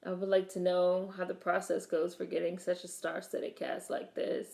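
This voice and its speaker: A woman's voice: lowish voice, little pitch movement, moderate pace, gravelly, warm tone. A young woman giving casual watch-along commentary on a film, chatting with wry asides and talking back to the screen. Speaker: vlogger reacting to a film. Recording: roomy echo.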